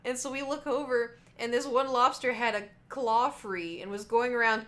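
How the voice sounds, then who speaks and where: A woman's voice: on the high side, moderate pace, a bit bright. A young woman streamer rambling through work stories in a chatty way, full of "like" and restarts. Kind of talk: casual storytelling.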